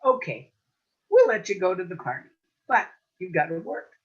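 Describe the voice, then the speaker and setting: A woman doing a pack of bossy dogs guarding a party door in a told folk tale, high-pitched and businesslike. Her tone is lively and a touch husky. The sound is muffled and lo-fi, like a video call. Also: moderate pace.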